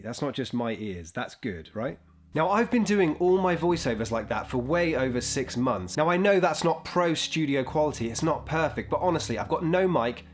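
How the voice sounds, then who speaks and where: A man giving a casual step-by-step tutorial while recording on a laptop's built-in microphone in a houseboat bedroom. He explains as he goes and keeps checking in with "okay?" and "right?". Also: mid-range voice. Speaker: video creator.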